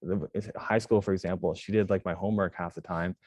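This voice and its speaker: A man's voice: low-pitched, fairly even intonation, fairly quick, a little mellow, no room sound. A young man, a jiujitsu instructor, answering interview questions casually in a rambling way, full of fillers and restarts. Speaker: jiujitsu instructor and gym owner.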